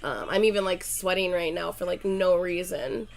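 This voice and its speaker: Coughing and sick, a young woman reads out names from her livestream chat and gushes excitably at viewers in casual conversation. Her voice is on the low side and creaky, at a normal speed.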